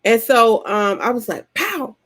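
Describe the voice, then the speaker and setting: A woman from Georgia with a Southern American accent, chatting casually with her viewers and telling stories in an animated, colloquial way. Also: medium pitch, normal speed, creaky. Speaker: vlogger host answering subscriber comments. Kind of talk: casual chat.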